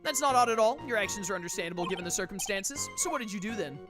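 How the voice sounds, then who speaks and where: A woman's voice: medium pitch, animated, racing, close to an everyday voice. A woman reading the lines of an earnest young male defense lawyer, questioning insistently, with game music underneath. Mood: pressing. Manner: pressing, questioning.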